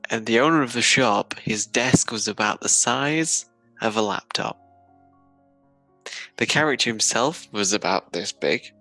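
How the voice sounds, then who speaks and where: A man's voice: mid-range voice, a little slow, sharp tone, no echo, faint music behind, low-quality recording. A man co-hosting a casual tabletop gaming chat, telling stories animatedly and laughing often. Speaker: podcast co-host.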